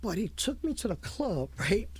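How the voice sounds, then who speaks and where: Middle-aged woman, interview guest, animated storytelling, blunt and profane, laughs a lot, acts out quotes. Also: medium pitch, moderate pace, slightly rough. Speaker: interview guest, music manager.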